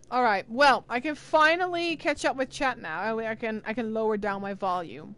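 A woman's voice: on the high side, lively intonation, normal speed, hardly any pauses. A young adult woman streaming a game live, rambling and flustered, swearing as she talks. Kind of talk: live gameplay commentary. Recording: game music loud under voice. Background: loud game music.

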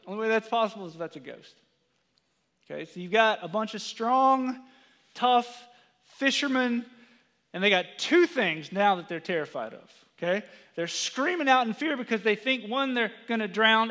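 A man preaching a sermon in a conversational way, often asking "right?" and "okay?", and going quiet when he quotes scripture. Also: extremely high pitch. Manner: drops to a hushed tone for quoted scripture. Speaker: pastor. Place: church sanctuary. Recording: long reverb of a church sanctuary.

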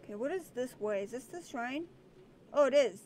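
A woman with a fairly high voice talks her way through a game in easy, chatty commentary. She keeps up a running stream of remarks and now and then calls out to the characters on screen. A faint hiss sits under her voice. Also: lively intonation, moderate pace. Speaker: let's play gamer. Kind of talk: casual gameplay commentary.

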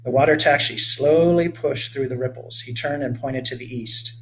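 Older male author reading a children's book, gentle teacherly delivery, faint hum behind. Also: medium pitch, normal speed. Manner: gentle storyteller, stops to explain to young listeners. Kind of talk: storybook read-aloud for children.

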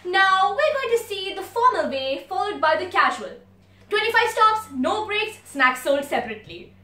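A woman's voice: very high voice, big pitch swings, normal speed, sharp tone, roomy sound, recorded from a distance. A young woman from India whose first language is Malayalam, hosting a language channel with playful, theatrical tour-guide patter. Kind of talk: playful scripted presenting.

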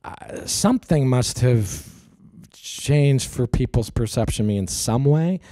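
A man's voice: mid-range voice, lively intonation, measured pace, warm tone, no echo, clean studio sound. A middle-aged man answering interview questions in a casual, hesitant way, acting out people he quotes. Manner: hesitant, restarts, acts out quoted voices animatedly. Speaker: actor interviewee.

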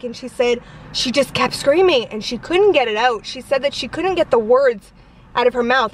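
A woman's voice: on the high side, far from the mic, slight background noise. A young woman vlogger telling a story in a rambling, casual way, filling it with "like" and "you guys.".

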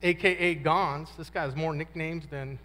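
Man in his 50s, high voice, slangy testimony talk with acted-out quotes, long hall echo. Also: steady tone, normal speed, pushed and bright. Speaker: guest speaker at a men's conference. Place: conference hall. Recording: long reverb of a large hall.

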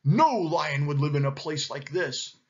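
A man's voice: a little high, fairly even intonation, a little slow, a little mellow, dull audio, close to an everyday voice. A man voicing a big, grumpy male lion who roars and exclaims in a storybook reading. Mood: alarmed. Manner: roaring, exclaiming.

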